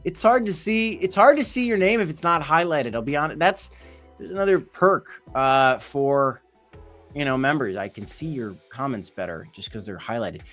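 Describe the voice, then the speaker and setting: A man's voice: a little high, animated, normal speed, a bit bright, soft background music. A man hosting a casual livestream, reading chat comments aloud in a loose, jokey, rambling way. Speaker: host of a crypto livestream.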